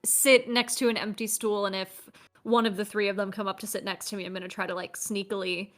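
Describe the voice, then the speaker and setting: A woman's voice: mid-range voice, flat delivery, fairly quick, a bit bright, faint music behind. Hesitant woman playing a tabletop game. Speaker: player. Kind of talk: casual tabletop play.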